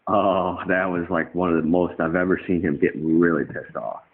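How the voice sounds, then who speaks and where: A man's voice: low-pitched, steady tone, moderate pace. A man talking in a casual group chat, laid-back and blunt. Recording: tinny phone-like audio.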